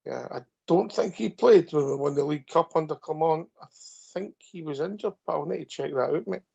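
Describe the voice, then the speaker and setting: Gravelly Scottish man, blunt punchy talk. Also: a little high, brisk, warm tone. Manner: blunt, punchy short sentences, says mate constantly. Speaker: host of a fan phone-in show. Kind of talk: casual chat. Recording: muffled lo-fi audio.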